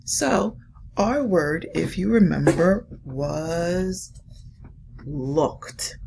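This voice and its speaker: A woman teacher giving a slow, patient, encouraging phonics lesson and read-aloud to first graders. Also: fairly low pitch, expressive, vocal fry, noisy background.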